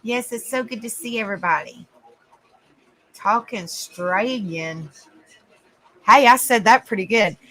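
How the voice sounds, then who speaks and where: A woman's voice: fairly high pitch, a little fast, few pauses, a bit bright, rough recording. A woman with a Southern US accent, hosting a casual live stream, chatty and giggly as she greets viewers by name. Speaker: livestream host.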